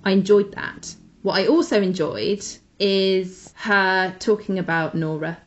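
A woman's voice: medium pitch, unhurried, muffled recording, slight background noise. A woman co-hosting a chatty podcast, talking with gushing enthusiasm about things she recommends. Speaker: podcast co-host. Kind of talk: casual chat with recommendations.

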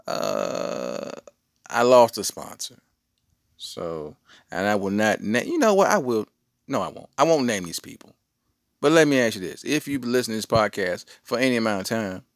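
A man's voice: lowish voice, unhurried, vocal fry, dry recording, clean studio sound. A middle-aged man hosting a podcast, telling a rambling story in a casual, slangy way. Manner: animated, rambling, with slangy asides. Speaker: podcast host.

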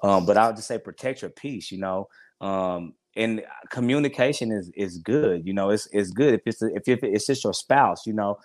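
Guy in his 40s, lowish voice, dry close sound, talks from the heart and keeps restarting himself. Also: moderate pace, no echo. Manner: heartfelt, rambling with many restarts. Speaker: podcast guest. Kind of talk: casual interview chat.

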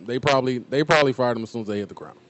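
A man co-hosting a casual sports podcast, animated and emphatic in his opinions. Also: medium pitch, very fast. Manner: animated, talks with emphatic conviction. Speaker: podcast co-host.

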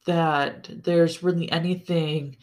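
This casual solo book-review chat features a podcast host discussing a book series with enthusiasm and plenty of swearing, frequently tripping up and restarting sentences. The voice is medium-pitched and steady in tone, at a slow pace.

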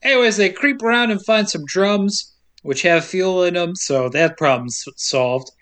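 A man's voice: high-pitched, a little slow, clear, resonant tone. A man casually recapping a film's plot for a podcast, with wry asides and frequent chuckles. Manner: wry, deadpan storytelling with frequent laughs and silly asides. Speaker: podcast co-host recapping a film.

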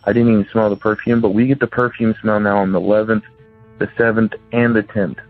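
A man's voice: fairly low pitch, flat delivery, brisk, soft background music. A man calling in by phone, rambling and hesitant as he tells a personal ghost story, full of restarts and fillers. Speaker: caller telling a ghost story. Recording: tinny phone line.

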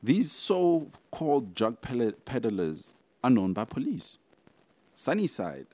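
A man's voice: mid-range voice, sing-song, takes it slowly, darkish tone, slight background noise. A young South African man hosting a casual solo podcast, rambling and talking straight to his listeners. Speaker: podcast host.

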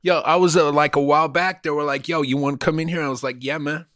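A man's voice: fairly high pitch, fairly even intonation, fairly bright tone, dry recording, clean studio sound, pitched above the performer's own voice, close to an everyday voice. A man in his forties voicing a boastful Hollywood insider, with an exaggerated fake movie-gangster Cuban accent and swaggering brags. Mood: bragging. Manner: swaggering, bragging, drawn-out "man" tags.

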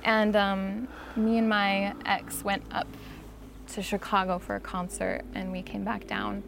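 A young woman from Utah speaks as a podcast guest, telling a personal story with earnest feeling and frequent casual fillers. Her voice is mid-pitched and carries a touch of vocal fry. A faint hiss sits under the recording. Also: level tone, a little slow. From Utah, USA. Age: young adult. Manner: earnest, emotional, many "like" fillers.

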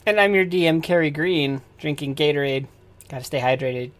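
Woman, game master, podcast host, lowish voice, loose casual narration. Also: moderate pace.

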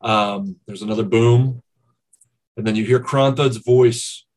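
A man's voice: mid-range voice, fairly even intonation, a little slow, a little mellow. A man narrating as game master of a tabletop game, in a casual, fillered way with the odd swear word.

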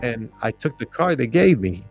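A man's voice: mid-range voice, normal speed, creaky, faint music behind. A young man casually telling a story on a podcast, acting out the voices of the people in it and laughing often. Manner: animated, acts out quoted voices, laughs often. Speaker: podcast storyteller, former club DJ.

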